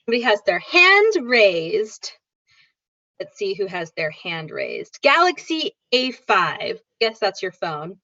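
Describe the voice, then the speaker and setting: A woman teaching English pronunciation in an online class, upbeat and demonstrative, repeating sounds slowly for her students. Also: medium pitch, animated, fairly bright tone, no room sound. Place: online video call. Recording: dull lo-fi video call audio.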